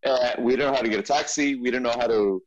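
A man who is a podcast guest, telling a personal story in a relaxed interview with frequent restarts and repeats. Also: medium pitch, quick pace, dull audio, a crowd in the background. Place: studio.

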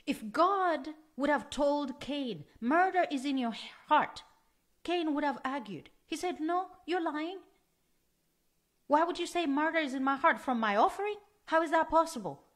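A woman preaching a sermon in an earnest, emphatic way, repeating key phrases for stress. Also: sits high.

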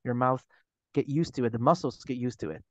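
A man's voice: mid-range voice, fairly quick. A man with a Chinese accent, a TOEFL teacher explaining in a casual interview, earnest and full of restarts. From China. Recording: dull lo-fi sound.

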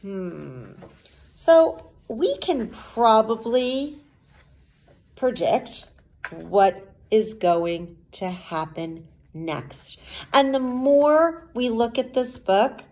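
A woman teacher reads a storybook aloud to children at an unhurried, slow pace. Her pitch swings widely and she keeps coaxing the listeners with questions. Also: very animated, darkish tone.

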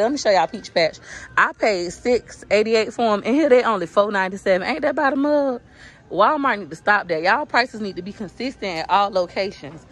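A woman, chatting to viewers on a casual shopping vlog in a store, recorded on a handheld phone. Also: medium pitch. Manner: chatty, addresses viewers directly. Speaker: vlogger.

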